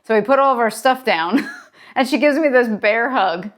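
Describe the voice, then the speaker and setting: A woman's voice: on the high side, expressive, normal speed. A woman therapist talking in a casual daily vlog, chatty and encouraging as she tells a story, wearing a personal mic.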